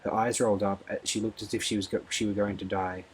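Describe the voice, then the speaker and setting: Man, audiobook narration, low voice, steady and expressive, faint background noise. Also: fast, poor audio.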